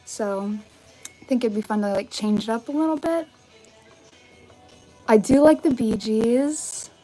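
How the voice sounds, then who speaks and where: A woman's voice: on the high side, a little slow, dark tone, low-quality recording. Chatty young woman on a phone live stream. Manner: chatty, upbeat, many likes and ums. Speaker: vintage fashion YouTuber. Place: bedroom with vanity. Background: faint music.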